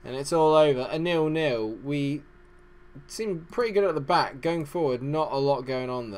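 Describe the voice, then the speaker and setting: A man's voice: on the high side, moderate pace, darkish tone. A man hosting a gaming channel, giving rambling, self-deprecating let's-play commentary.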